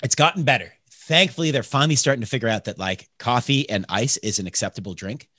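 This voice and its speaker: A man's voice: medium pitch, fast, breathy edge, dry recording, clean studio sound. A man from Canada, co-hosting a podcast and telling a profane story casually, acting out the people in it. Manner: animated, profane, acts out the other people in his stories. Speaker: podcast co-host.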